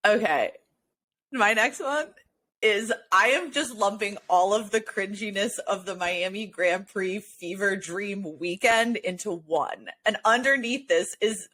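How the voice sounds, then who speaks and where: A woman co-hosting a casual sports podcast, animated and often breaking into laughter. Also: medium pitch. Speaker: podcast co-host. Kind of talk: casual chat.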